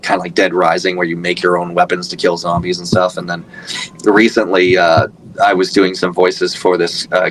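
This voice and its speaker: A man's voice: sits low, slight background noise, low-quality recording. A man in his thirties, a voice actor guest, chatting casually in an interview, rambling with lots of fillers and restarts.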